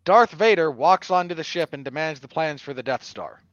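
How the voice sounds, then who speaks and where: A man's voice: fairly high pitch, moderate pace, dry recording, muffled recording. A man co-hosting a casual film review podcast, arguing his points bluntly and critically. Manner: animated, bluntly critical, argumentative.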